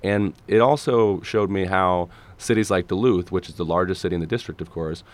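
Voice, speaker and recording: Deep gravelly-voiced man in his thirties. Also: brisk. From Minnesota, USA. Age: 30s. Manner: earnest, many restarts and fillers. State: gravelly, slightly hoarse today. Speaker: political candidate guest. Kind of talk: radio interview, policy talk.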